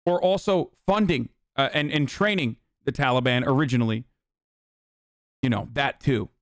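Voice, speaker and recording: A man's voice: mid-range voice, moderate pace, dry recording, studio quality. A man streaming heated political commentary, ranting angrily and swearing constantly. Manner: profane, angry ranting.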